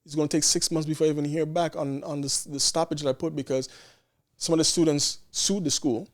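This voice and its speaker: Animated man telling a story. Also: a little high, brisk. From Canada. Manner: animated, acts out quoted exchanges with frequent restarts. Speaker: podcast guest, nurse. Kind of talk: casual storytelling chat.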